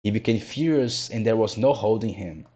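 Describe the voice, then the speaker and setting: A man reading a children's classic aloud in a measured, steady way. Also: on the low side, breathy edge. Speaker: narrator. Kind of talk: storybook read-aloud.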